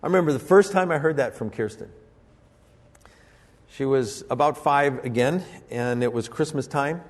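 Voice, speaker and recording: An older man preaching a sermon as pastor, telling family stories and acting out voices with sudden high jumps in pitch. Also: normal speed, in a large hall. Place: church sanctuary.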